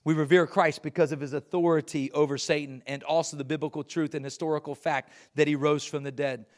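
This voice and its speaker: Emphatic preaching man, slightly high voice. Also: fairly even intonation, a little fast. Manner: emphatic preaching, rising loud on key points, reading scripture aloud. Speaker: pastor. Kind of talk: sermon.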